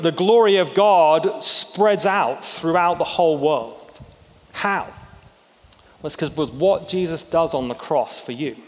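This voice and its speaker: A man preaches in an easygoing, conversational way, slipping into excited voices to act out the people in his stories. His voice sits a little high, and the sound carries the long reverb of a church hall. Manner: conversational, animated, acts out biblical characters' reactions. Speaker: pastor. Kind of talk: sermon.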